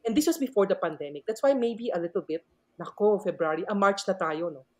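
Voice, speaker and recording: Filipino lady teacher on a podcast, pitch swoops all over, chatty and animated. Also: fast talker. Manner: animated, mixes Tagalog and English. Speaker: podcast guest, math teacher. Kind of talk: casual podcast storytelling.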